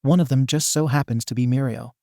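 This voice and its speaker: A man narrating a comedy fan story with a wry, tongue-in-cheek delivery. His voice is mid-pitched, and the recording is close and dry, with no echo. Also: steady tone, fairly quick, gravelly, dark tone.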